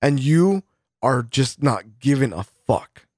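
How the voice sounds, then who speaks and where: A man's voice: mid-range voice, animated, slow pace, a little mellow, no echo, studio quality. A man co-hosting a podcast, ranting angrily with constant swearing and bursts of laughter. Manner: profane, heated ranting with frequent laughs. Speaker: podcast co-host. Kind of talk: casual podcast rant.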